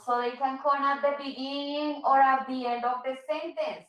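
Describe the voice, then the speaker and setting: High-voiced woman teaching English in an echoey room. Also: measured pace, distant mic. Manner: patient, switches to Spanish to explain. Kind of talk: online English class.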